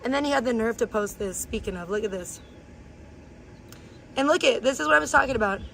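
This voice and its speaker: A woman live streamer ranting in blunt, crude, gossipy chat and sometimes breaking into high playful chants. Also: a little fast, vocal fry, fairly bright tone, a little hiss or hum. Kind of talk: casual IRL livestream chat.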